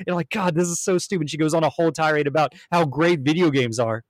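An American man co-hosting a gaming podcast, fairly high-pitched and talking in a casual, animated way. He acts out game scenes in quoted voices as he tells them. The sound is close and dry. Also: quick pace, hardly any pauses, no echo. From United States. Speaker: podcast co-host.

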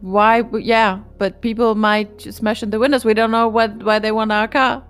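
A woman playing a tabletop game, asking quick, urgent questions in character. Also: a little high, level tone, smooth, soft background music. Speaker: player. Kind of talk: casual tabletop play.

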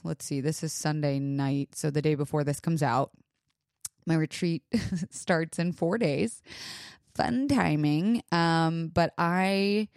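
A young woman speaks low and slowly on her podcast, pausing often as she fights back tears. Her delivery is halting and emotional, full of fillers and restarts. The sound is dry and close. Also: darkish tone, clean tone, no echo. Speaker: podcast host. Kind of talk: personal monologue.

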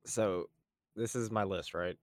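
A young man chats on a podcast, loose and laid-back, dropping curses and quick jokey asides. The sound is dry and close. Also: fairly low pitch, dry recording. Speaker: podcast co-host. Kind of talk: casual chat.

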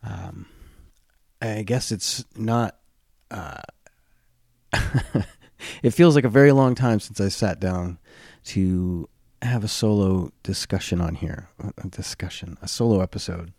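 Low, groggy morning-voiced man hosting. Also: animated, gravelly, a little mellow, dry recording, clean studio sound. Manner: halting, many fillers and restarts. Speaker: podcast host. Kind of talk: solo podcast talk.

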